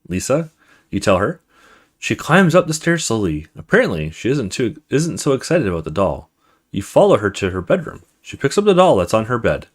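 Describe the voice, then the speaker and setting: A young man hosting a let's play, reading a visual novel's text aloud with stumbles and quick asides. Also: medium pitch.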